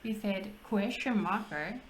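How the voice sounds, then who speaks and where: A woman hosting a casual language-practice chat, talking slowly, laughing often and restarting her phrases. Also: medium pitch, slight background noise, rough recording. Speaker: English conversation partner and host.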